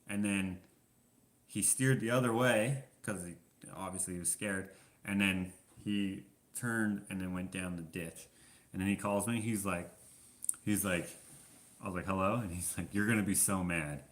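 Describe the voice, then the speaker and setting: Lowish guy from canada rambling through a q&a vlog, lots of uhs. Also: fairly bright tone. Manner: rambling storyteller, many fillers. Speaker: vlogger. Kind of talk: casual Q&A vlog chat.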